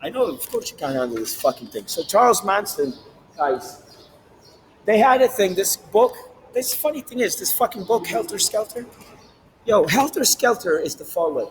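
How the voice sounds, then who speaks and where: A man delivering a rambling, profane, animated monologue as the host of his own channel. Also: high-pitched, brisk, slight background noise, low-quality recording. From Latin America.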